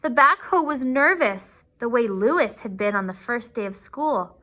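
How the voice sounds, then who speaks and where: Teacher reading aloud to little kids, slow and very expressive, bright voice. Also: female voice, on the high side. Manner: slow, expressive, with asides to the children. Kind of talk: reading a picture book aloud to young children.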